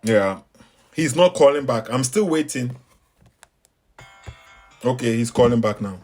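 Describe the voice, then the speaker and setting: A man's voice: mid-range voice, expressive, unhurried, darkish tone, soft background music. A man with a Ghanaian English accent, talking casually to his audience while waiting for a call, repeating his points emphatically. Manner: preachy, repeats himself, emphatic. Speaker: online debate host. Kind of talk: casual commentary between calls.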